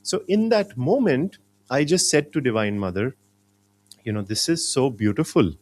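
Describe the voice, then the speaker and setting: Spiritual teacher, middle-aged man, expressive, sweeping intonation. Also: mid-range voice, normal speed. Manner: lively, animated storytelling with frequent "you know". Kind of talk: storytelling talk.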